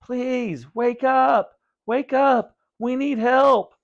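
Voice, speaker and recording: A man's voice: high-pitched, sing-song, slow, darkish tone, no room sound, muffled recording, voice pushed up, exaggerated voice. A man voicing a frantic young boy who shrieks and wails in pain during a storybook reading. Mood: panicked.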